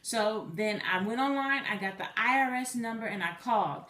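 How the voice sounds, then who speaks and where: A woman vlogger telling a personal story in a chatty, animated way, acting out both sides of a conversation. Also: on the high side, moderate pace, roomy sound.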